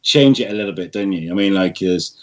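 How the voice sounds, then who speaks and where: A man's voice: deep voice, lively intonation, brisk. A British man talking as a guest in a casual podcast chat, blunt and sweary, laughing easily. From United Kingdom.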